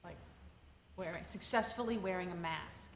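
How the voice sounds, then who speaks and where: Low-voiced woman in an echoey room. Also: normal speed, slight background noise. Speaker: livestream co-host. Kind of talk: casual chat.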